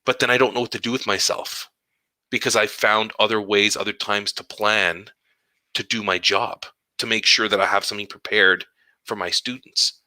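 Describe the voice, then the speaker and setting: Animated man with a sharp, dry voice. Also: fairly low pitch, moderate pace, dry recording. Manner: animated storytelling, acting out conversations. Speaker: elementary school teacher. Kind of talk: casual podcast monologue.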